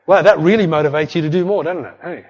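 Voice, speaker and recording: A fast, fairly high, slightly mellow male voice delivers a middle-aged pastor's sermon. His preaching is emphatic and repetitive, peppered with "hey" called out to the congregation and "don't fret." The recording is lo-fi and dull, with long hall reverb.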